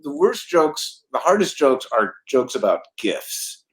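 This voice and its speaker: A man's voice: mid-range voice, a little slow. An older man from New Jersey, a comedy writer, telling stories in casual chat and acting out the people he quotes. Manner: animated storyteller acting out quoted voices, chuckling often.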